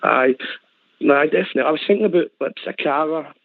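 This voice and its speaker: Male caller, eager, fast, phone-line sound. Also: fairly high pitch, vocal fry, no room sound. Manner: eager, quick. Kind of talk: casual phone-in chat. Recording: phone-line call audio.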